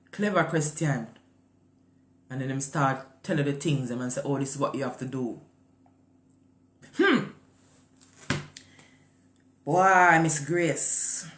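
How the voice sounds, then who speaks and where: A woman's voice: deep voice, echoey room. A woman with a Jamaican accent hosting a morning show in casual chat. She talks with passion, firing rhetorical questions and mixing patois with English.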